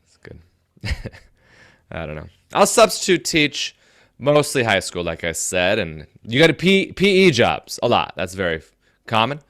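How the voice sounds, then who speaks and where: A man performing a stand-up set, telling self-mocking stories with quick asides. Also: fairly low pitch, very animated, a bit bright, no echo, studio quality. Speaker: stand-up comedian.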